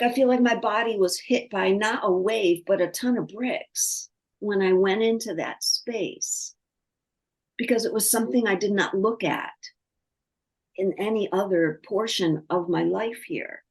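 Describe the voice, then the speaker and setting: A woman hosting a spiritual podcast, talking with a client over a video call in a slow, searching way that trails off between phrases. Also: mid-range voice. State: tearful, crying. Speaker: spirit messenger, podcast host. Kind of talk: spiritual conversation, channeling.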